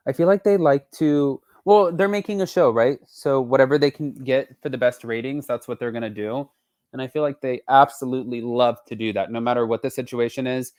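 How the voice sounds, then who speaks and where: A man hosting a casual celebrity gossip channel, reading out quotes with lively emphasis and chatting to his viewers off camera. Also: mid-range voice, dry recording, clean studio sound. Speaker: host. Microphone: not on camera, voice-over.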